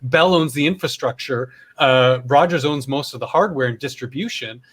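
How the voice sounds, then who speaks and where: A man's voice: medium pitch, normal speed, fairly bright tone, husky. A man from Canada hosting a podcast, talking in a casual, rambling way with frequent restarts and swearing. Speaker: podcast host. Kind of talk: casual chat.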